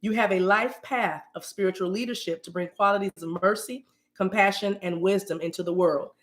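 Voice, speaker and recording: A woman hosting a spiritual live stream in casual talk, animated and playful, breaking into chant-like sounds. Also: mid-range voice, fairly quick.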